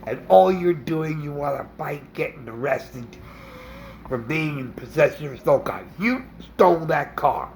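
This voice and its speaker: A man venting an indignant opinion rant in a vlog, halting with fillers and restarts. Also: fairly high pitch, lively intonation, a little hiss or hum. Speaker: vlogger.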